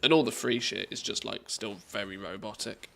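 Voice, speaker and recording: A man's voice: lowish voice, normal speed, creaky, sharp tone. A man streaming live, talking casually and rambling, restarting his thoughts mid-sentence.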